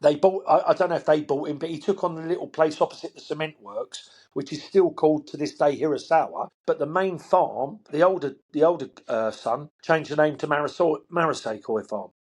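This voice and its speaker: A man's voice: on the high side, fairly quick, few pauses, darkish tone, husky. A middle-aged man, a koi dealer, telling stories in a chatty way, chuckling and repeating words. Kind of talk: anecdotal storytelling.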